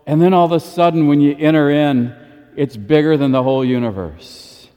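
A Catholic priest giving a daily homily in a lively, informal way, chuckling often. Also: male voice, a little high, moderate pace, smooth, in a large hall, muffled recording. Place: church.

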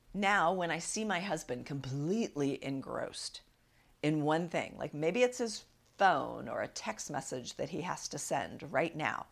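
Her voice is low and creaky: a woman hosting an advice podcast as a relationship coach, direct and encouraging, who keeps checking in with listeners.

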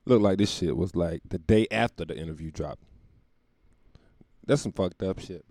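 A man's voice: sits low, moderate pace, long pauses, warm tone, no echo, studio quality. A young man hosting a podcast from home, telling stories in a loose, profane, laughing way. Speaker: podcast host. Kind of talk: casual comedic storytelling monologue.

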